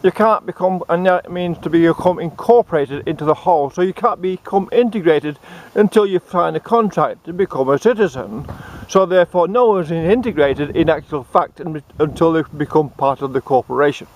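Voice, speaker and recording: A man with an Australian accent delivering a satirical monologue, giving deadpan, sarcastic mock advice outdoors. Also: on the high side, a little fast.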